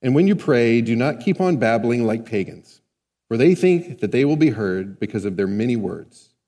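This sermon comes from a man whose medium-pitched voice is mellow and animated, delivered at a normal pace. He talks with the congregation rather than at them, asking frequent questions, and a long hall reverb fills the recording.

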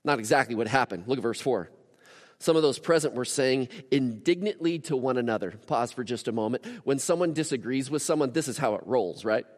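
A man preaching a casual, animated sermon as a pastor, with lively asides to the congregation. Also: medium pitch, a little fast, big-room sound. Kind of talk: conversational sermon.

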